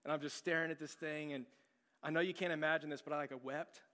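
A man's voice: on the high side, little pitch movement, fast talker, a bit bright. A middle-aged man preaching a chatty, self-deprecating sermon, telling a story and asking the audience questions. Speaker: pastor. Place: church sanctuary. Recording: long hall reverb.

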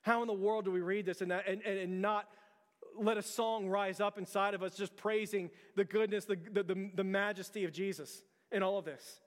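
A man preaching a sermon, telling a story in an earnest way that often stumbles over repeated words. His voice is resonant and somewhat high for a man. It rings out with the long reverb of a large hall. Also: fairly even intonation, moderate pace. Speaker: pastor.

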